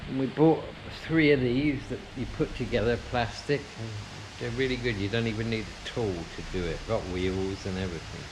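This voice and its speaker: A man's voice: on the low side, normal speed, few pauses, background noise. A man casually narrating a tour of his house as a vlogger, rambling, with frequent restarts. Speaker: vlogger giving a home tour. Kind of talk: casual walk-through narration. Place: indoors in a house, then outdoors at a plantation.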